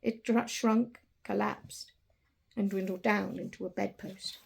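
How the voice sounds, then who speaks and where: A woman narrating a classic story with an expressive, dramatic reading. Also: medium pitch, a little slow, creaky, breathy edge.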